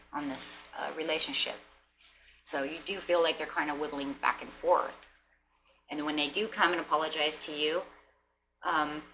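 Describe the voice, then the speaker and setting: In a rough recording with a bit of hiss or hum, a woman with a low voice and sharp tone gives a casual tarot reading. She's chatty and rambling, acting out brief imagined exchanges with quoted lines.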